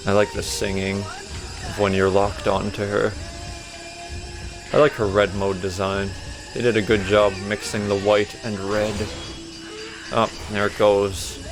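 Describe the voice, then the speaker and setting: Gravelly low-voiced man, sarcastic gamer. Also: flat delivery, a little slow, pauses often, over music. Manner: sarcastic, jokey, talks back to the game. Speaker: gaming video host. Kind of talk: let's play commentary.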